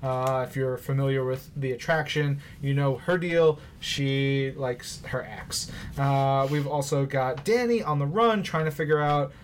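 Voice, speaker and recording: A man's voice: mid-range voice, a little slow, slight background noise. A man co-hosting a podcast, loosely recapping comics in a chatty, joking way with lots of fillers. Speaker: podcast co-host. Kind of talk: casual comic book review chat.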